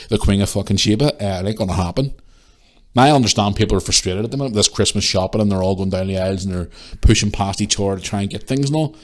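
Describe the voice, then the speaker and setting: A man hosting a podcast, ranting in a casual monologue, exasperated and swearing freely as he retells encounters. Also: on the low side. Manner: retells encounters with quick changes of voice. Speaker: podcast host.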